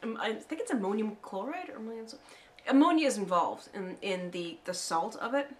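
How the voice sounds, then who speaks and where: An American woman co-hosting a relaxed chat at a mid-range pitch. She is playful and chatty, tossing off asides and laughing easily. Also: a little fast. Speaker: co-host. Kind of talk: casual chat.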